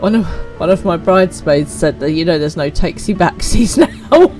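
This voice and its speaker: A woman's voice: on the low side, expressive, moderate pace, warm tone, faint music behind, rough recording. A woman streaming a game, chatting casually and teasing herself. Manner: chatty, self-mocking. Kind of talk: casual gameplay commentary.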